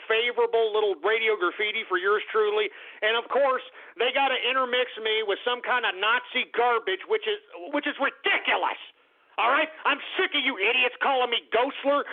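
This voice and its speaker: A man from Texas, hosting a talk radio show in a combative, ranting manner. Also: very high voice. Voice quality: combative, ranting, calls listeners "boy". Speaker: radio host. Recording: tinny phone-like audio.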